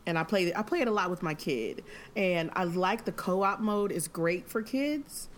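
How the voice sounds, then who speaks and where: A woman hosts a relaxed podcast conversation, chatty and quick to laugh. Her voice sits fairly low but swings widely in pitch, and a faint hiss runs underneath. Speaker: podcast host. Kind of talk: casual conversation.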